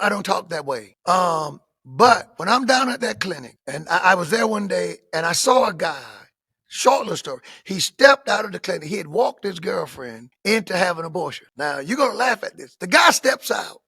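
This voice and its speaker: An older man speaks in the rhythm of a preacher, his high voice bright and cutting. He drops to soft tones and then rises to shouted emphasis. The sound is husky and recorded close and dry. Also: no echo. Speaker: bishop and pastor. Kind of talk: emphatic interview answers in a preaching manner.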